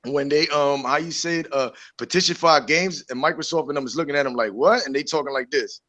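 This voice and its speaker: A man in casual gaming chat, preachy and animated. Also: a little high, fast talker, highs cut off. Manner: animated, preachy, mocks others in a put-on voice. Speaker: co-host.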